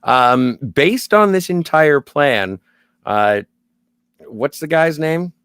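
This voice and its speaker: A man's voice: a little high, lively intonation, slow pace, fairly bright tone, clean tone, dry recording, studio quality. A man co-hosting a podcast, cutting in with opinions and corrections during a casual film discussion. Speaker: podcast co-host.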